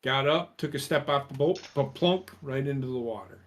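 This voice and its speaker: A man co-hosting a casual podcast, telling a joke loudly and animatedly and laughing along. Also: mid-range voice, normal speed. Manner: loud, animated storyteller who laughs at his own jokes. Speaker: podcast co-host.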